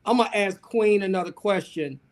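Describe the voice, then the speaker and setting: A man hosting a livestream panel discussion, asking animated questions with frequent restarts. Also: high voice, fairly quick. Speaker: host.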